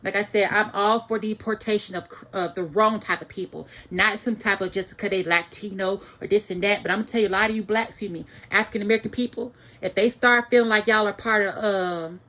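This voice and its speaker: A woman's voice: medium pitch, pushed and bright. A woman giving an angry, profane ranting monologue to the camera, repeating phrases for emphasis.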